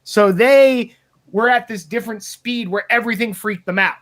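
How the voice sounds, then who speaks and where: A man's voice: high voice, moderate pace, a bit bright. A man telling rambling, profane stories in a casual podcast chat. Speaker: podcast co-host.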